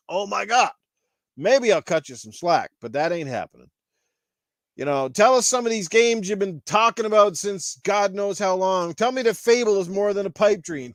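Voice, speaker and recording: Male podcast host, angry profane rant, high pitch, dry close sound. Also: dry recording. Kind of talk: ranting gaming podcast.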